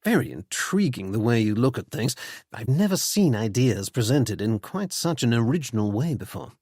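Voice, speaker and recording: A man's voice: medium pitch, very animated, moderate pace, darkish tone, slightly rough, no echo, clean studio sound. A man reading an audiobook and voicing a glib young upper-class Englishman with an airy, chatty, self-mocking manner. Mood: breezy.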